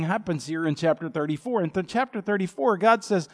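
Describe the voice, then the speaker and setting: A man's voice: high voice, expressive, fairly quick. A man in his fifties preaching a sermon in a folksy, humorous storytelling manner. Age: 50s. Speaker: pastor.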